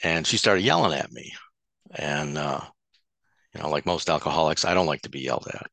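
A man sharing his personal testimony at a support meeting, halting and often restarting his words. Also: extremely low pitch, vocal fry, pushed and bright, no room sound. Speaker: recovery speaker at a support meeting.

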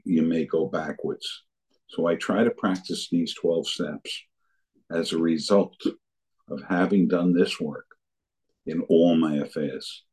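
An older man shares his recovery story with earnest conviction. He recounts remembered conversations in a deep, dark, husky voice. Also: rough recording. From New Jersey area. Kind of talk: personal testimony talk.

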